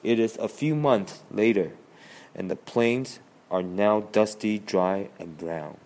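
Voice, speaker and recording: A man reading aloud a children's play script, calm and measured. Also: fairly low pitch. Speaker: narrator.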